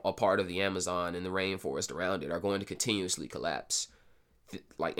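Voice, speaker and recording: A man's voice: low-pitched, a bit bright, clean tone. A man hosting a podcast, explaining history in a loose, casual way with sarcastic asides and frequent self-corrections. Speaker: podcast host. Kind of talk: casual educational podcast talk.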